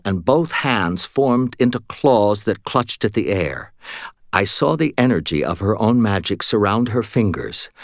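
A man narrating a fantasy novel in the first person, with steady, even storytelling. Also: lowish voice, dry recording, studio quality. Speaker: audiobook narrator.

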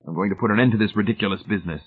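A man's voice: lowish voice, moderate pace, close to an everyday voice. A man reading aloud, voicing a grim, determined man who speaks curtly. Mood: terse. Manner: curt, terse. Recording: tinny phone-like band.

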